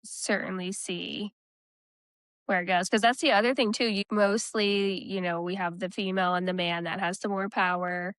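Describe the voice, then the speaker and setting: A woman's voice: medium pitch, fairly even intonation, normal speed, fairly bright tone, no room sound. A young woman with a mid-range voice muses on a book, mostly agreeing with short replies and adding her own thoughts. The sound is dry and close. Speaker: book podcast co-host. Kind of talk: casual book discussion.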